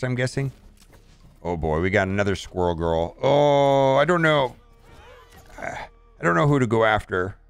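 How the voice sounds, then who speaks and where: A man's voice: mid-range voice, creaky, a bit bright, dry recording. Chatty man narrating his mobile gameplay. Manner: chatty, thinks aloud, frequent restarts. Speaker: mobile game player. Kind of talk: casual gameplay commentary.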